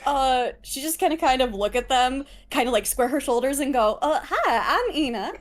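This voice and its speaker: A woman's voice: sits high, moderate pace. A woman playing a tabletop game, chatting casually and giggling often. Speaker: player.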